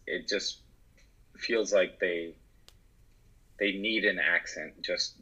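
Deep-voiced earnest American man, lo-fi sound. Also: pushed and bright, breathy edge. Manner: earnest, reflective, with frequent restarts. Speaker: podcast guest, actor and writer. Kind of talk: casual conversation. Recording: dull, lo-fi.

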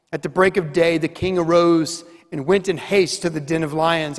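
A pastor preaching a sermon in a church, earnest and emphatic, with rhetorical questions. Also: male voice, on the high side, big-room sound.

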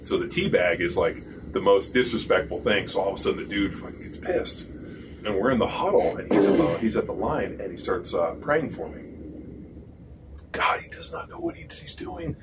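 A deep-voiced man in his forties tells loose, swearing-laden football stories full of fillers. He sits away from the mic, and a clear background hum runs under him. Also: expressive, brisk, distant mic. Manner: profane, rambling, full of fillers. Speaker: former pro football player telling stories. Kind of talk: casual storytelling.

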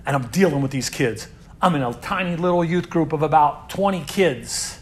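A man who leads a youth group, telling stories in an inspirational sermon, earnest and repeating words as he builds, dropping to a hush and then rising loud. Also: on the high side, fairly quick. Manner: earnest, swings from hushed to loud emphasis.

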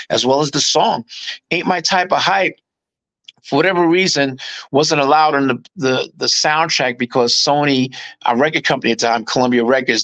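Animated man telling stories. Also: fairly high pitch, low-quality recording. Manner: animated, acts out quotes in voices. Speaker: interview guest. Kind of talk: casual anecdote storytelling.

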